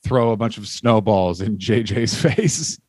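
A man's voice: fairly low pitch, lively intonation, measured pace, darkish tone, husky, no echo. A man from Canada co-hosting a podcast, riffing profanely in casual comedic chat and acting out the people he describes. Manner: riffing, profane, mock-acts quoted people. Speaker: podcast co-host.

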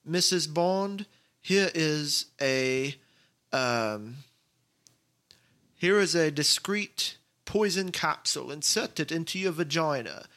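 A man's voice: on the high side, lively intonation, slow pace, fairly bright tone, pitched above the performer's own voice, heavily acted. A man doing a British accent as a formal male spy gadget maker. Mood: prim.

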